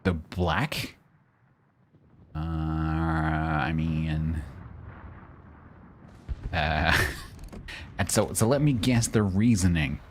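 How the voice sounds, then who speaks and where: A man streaming live gameplay and commenting as he plays, chatty and breaking into sudden excited exclamations. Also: very deep voice, a little hiss or hum. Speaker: game streamer.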